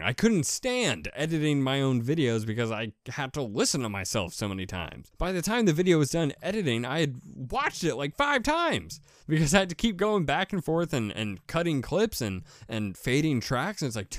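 A man's voice: on the high side, very animated, moderate pace, hardly any pauses, no echo, clean studio sound. A man hosting his own podcast in a casual solo monologue, rambling and poking fun at himself, often restarting and repeating words. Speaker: podcast host.

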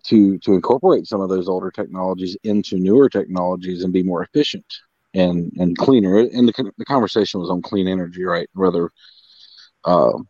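A man's voice: low-pitched, darkish tone, dry recording. A man co-hosting a podcast in casual chat, rambling with many restarts and fillers over a remote call. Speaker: podcast co-host. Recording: dull, lo-fi sound.

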